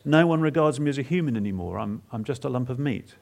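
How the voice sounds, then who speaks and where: This male preacher gives an expository conference sermon with a medium-pitched, expressive voice that is creaky and a little mellow. Speaking as the psalmist, he recounts the psalm dramatically, pausing and repeating words to stress them.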